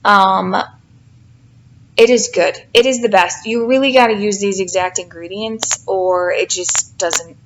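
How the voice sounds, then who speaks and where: Chatty mom with a gravelly edge. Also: female voice, medium pitch, steady tone, measured pace, poor audio. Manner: chatty, self-deprecating, rambling with fillers. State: tired, yawning. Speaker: cooking vlogger, mother. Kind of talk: casual cooking voice-over. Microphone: home voice-over mic.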